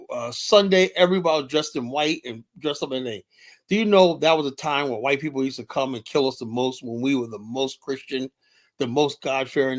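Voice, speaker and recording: A man's voice: a little high, fairly bright tone. A man from the United States, hosting a livestream and arguing emphatically and profanely, often repeating "you know". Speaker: livestream host. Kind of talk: heated solo livestream commentary.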